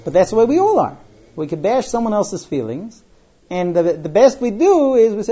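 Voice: medium pitch, sing-song, normal speed, dark tone, slightly rough, dull audio. A Torah teacher giving a Mishnah lesson, quoting Hebrew lines, then translating and explaining them through everyday stories. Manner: conversational, with fillers and personal stories.

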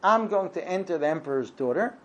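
An eager male demon pleads that he is there to help and lays out his plan with urgency, as a teacher puts him on. The voice is pushed a little higher and louder than plain talk. It stays close to an ordinary storytelling voice. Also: lively intonation, a little fast, highs cut off.

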